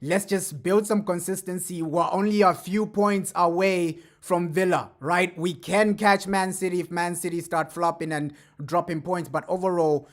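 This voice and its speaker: Guy streaming his football takes, chatty, kinda high voice, keeps tossing in little asides. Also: steady tone, normal speed, few pauses. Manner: chatty, keeps adding "bro" and "right?". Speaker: fan streamer reacting to clips. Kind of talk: casual fan commentary.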